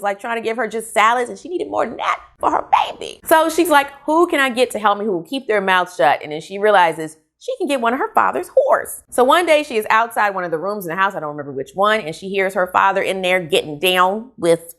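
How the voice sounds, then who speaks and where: A woman retelling a story in a casual spoiler review, lively and animated, laughing and slipping into the voices of the people in it. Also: mid-range voice. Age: young adult or older, a mother. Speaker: book reviewer.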